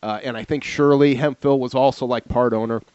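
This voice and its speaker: A man co-hosting a casual podcast about old TV shows, telling stories with animated asides. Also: medium pitch, smooth, no echo. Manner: animated storyteller, does quick impressions. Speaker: podcast co-host. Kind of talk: casual retro TV chat. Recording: dull lo-fi sound.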